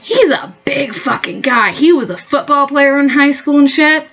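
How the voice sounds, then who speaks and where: A woman with a fairly high voice rants to camera, heated and full of swearing, circling back over her points as she rambles. The recording sounds dull and lo-fi. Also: normal speed, fairly bright tone. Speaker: vlogger. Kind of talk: rambling opinion rant.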